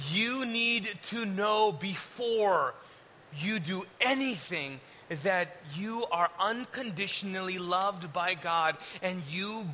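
A man preaching a sermon in a casual, conversational way, at times dropping to a soft, hushed tone. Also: high-pitched. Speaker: pastor. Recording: long hall reverb, faint hiss.

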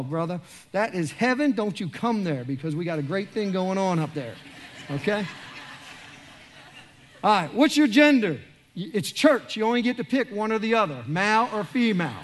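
Animated pastor preaching. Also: male voice, high voice. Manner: animated, joking, acts out quoted voices. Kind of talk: sermon. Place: large church auditorium.

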